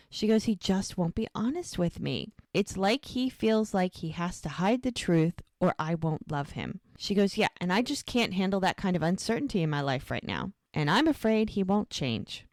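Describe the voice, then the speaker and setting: A woman co-host chatting casually about a TV show, retelling scenes with lively, animated delivery and playing each character's lines. Her voice sits mid-range for a woman. The recording is close and dry. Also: medium pitch, normal speed, creaky, no echo. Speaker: podcast co-host recapping a TV show.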